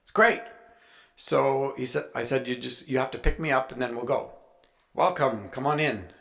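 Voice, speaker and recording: Guy telling a story to a crowd, chatty, does the voices in it, medium pitch. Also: normal speed, vocal fry, a bit bright. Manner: conversational, acts out dialogue in his stories. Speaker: guest author speaking at a writers' event. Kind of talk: storytelling talk to a live audience.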